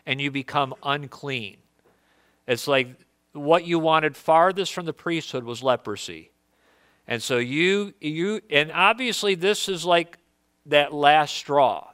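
A man's voice: fairly high pitch, pushed and bright, clear, resonant tone, dry recording, clean studio sound. A man preaching a sermon in an earnest, conversational way, often restarting his phrases.

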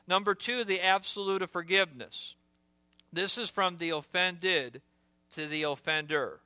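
A man preaching a sermon as pastor, earnest and direct, sometimes dropping to a hushed voice for storytelling asides. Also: sits high, clean tone, dry recording.

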